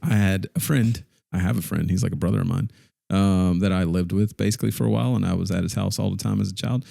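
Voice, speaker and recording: A low, gravelly male voice with a mellow, dark tone that swings widely in pitch. He chats casually as a podcast co-host, self-mocking and quick to laugh, recorded dry and close. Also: fairly even intonation, no room sound. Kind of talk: casual chat.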